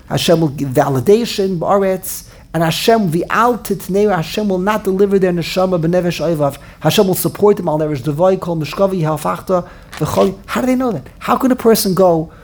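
A woman's voice: lowish voice, a little mellow. A woman giving a religious class, thinking aloud with emphatic rhetorical questions and frequent restarts. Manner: talks with many restarts while thinking aloud. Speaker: Torah teacher.

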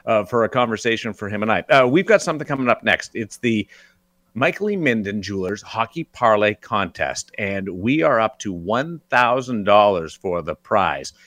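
A man's voice: on the low side, lively intonation, normal speed, fairly bright tone, no room sound. Joking man hosting sports radio. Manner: joking, laughing, easygoing. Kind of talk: casual sports radio banter.

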